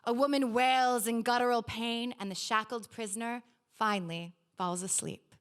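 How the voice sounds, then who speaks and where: Woman reading her essay, wry and lively. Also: fairly high pitch, normal speed, clear, resonant tone. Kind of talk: reading a personal essay aloud.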